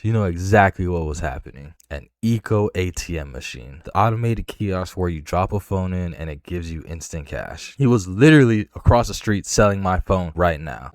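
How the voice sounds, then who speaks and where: Young man, very low voice, profane, animated storytime; dry close sound. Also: dry recording. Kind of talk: storytime narration over gameplay.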